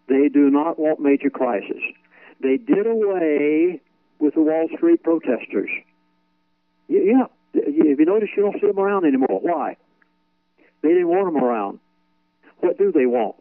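A man's voice: on the high side, lively intonation, normal speed, no echo. Male pastor, phone-in guest, emphatic and repetitive delivery, dry telephone audio. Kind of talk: phone-in radio interview. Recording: tinny phone line.

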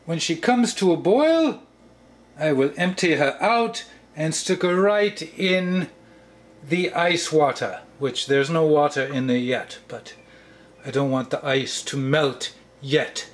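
A man hosting a home cookware test vlog, who talks playfully to the pan as if it were a person. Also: fairly high pitch. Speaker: channel host.

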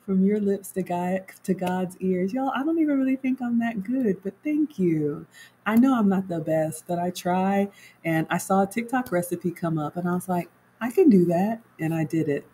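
A woman's voice: mid-range voice, animated, moderate pace, warm tone, slight background noise, rough recording. A woman home cook chatting casually on a livestream, walking viewers through her cooking and reading their comments aloud.

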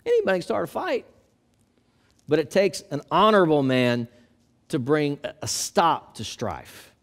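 A man's voice: a little high, big pitch swings, moderate pace. A man preaching a sermon as pastor, building emphasis as he quotes and explains scripture.

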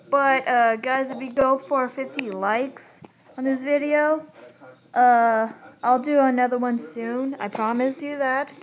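High-voiced chatty woman vlogger. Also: lo-fi sound. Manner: chatty, rambling, baby talk to her dogs. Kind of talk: casual chat to camera.

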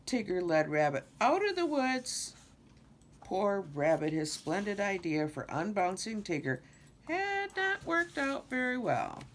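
An older woman slowly reading a children's storybook aloud, with a lot of expression. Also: medium pitch. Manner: slow, expressive reading with many character voices. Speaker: storybook reader.

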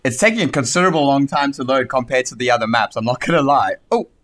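Young man, South African accent, gameplay commentary, excitable, foul-mouthed, mid-pitched voice. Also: fast. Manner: excitable, swears freely, rants heatedly. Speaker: gaming YouTuber.

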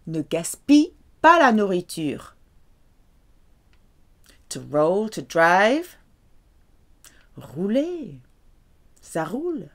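Woman teaching french vocab, slow and careful, voice going up and down a lot. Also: lowish voice. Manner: slow, careful, lively delivery with drawn-out French examples. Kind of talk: language lesson.

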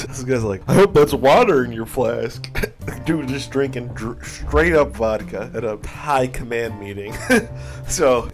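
Male let's-player, mid-pitched, loose and profane, chuckles a lot, faint game music underneath. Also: darkish tone. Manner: rambling, swearing, laughing often. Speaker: video game streamer. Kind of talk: casual let's-play commentary.

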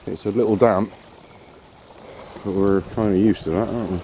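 A man's voice: lowish voice, steady tone, normal speed, background noise. A man with a dry, wry way of talking, chatting casually to his dog on a walk outdoors. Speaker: dog-walking vlogger. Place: outdoors on a wet shore and woods.

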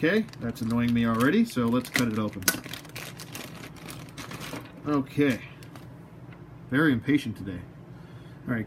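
A man's voice: mid-range voice, a little mellow, a little hiss or hum. A man reviewing an action figure as he unboxes it, rambling and self-mocking, talking to the toy as he works.

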